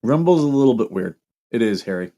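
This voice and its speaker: A man's voice: mid-range voice, expressive, fairly quick, warm tone. Rambling Midwestern man chatting with viewers. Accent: Midwestern, Ohio. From Toledo, Ohio. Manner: rambling, chatty, reacts to chat comments. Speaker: livestream host. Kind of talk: casual livestream chat with viewers.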